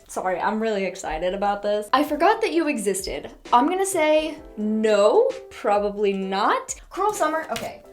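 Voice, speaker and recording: A woman hosting her own channel, chatting excitedly and rambling as she ranks songs, often gushing and squealing. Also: fairly high pitch, faint music behind. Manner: gushing, rambling, quick mood swings into squeals. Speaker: reaction channel host. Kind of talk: excited casual chat ranking songs.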